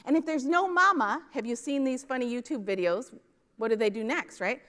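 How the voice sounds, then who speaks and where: High-pitched midwest lady telling stories at a keynote, big hall with long echo. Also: moderate pace, fairly bright tone. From Minneapolis, US Midwest. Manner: storytelling, asks the audience "right?" often. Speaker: conference keynote speaker. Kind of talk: keynote talk. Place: conference hall stage. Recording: large hall with long reverb.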